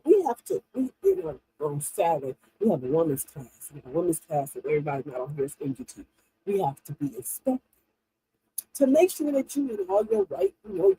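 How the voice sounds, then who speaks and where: A woman in her fifties hosting a livestream, telling funny stories in an animated, laughing way to her viewers. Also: high voice, gravelly, low-quality recording. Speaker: livestream host. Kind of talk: casual chat to viewers.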